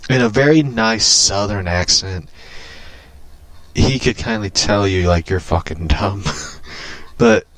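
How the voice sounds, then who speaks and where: A man's voice: on the low side, slow, pauses often, a bit bright, dry recording. A man rambling casually through news and geek topics, loose and profane, with frequent restarts. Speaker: vlogger.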